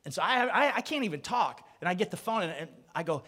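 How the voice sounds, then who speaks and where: A man's voice: high voice, fast, few pauses, breathy edge. A man in his thirties preaching a sermon, telling a story and acting out the voices of the people in it. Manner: animated storyteller, acts out voices.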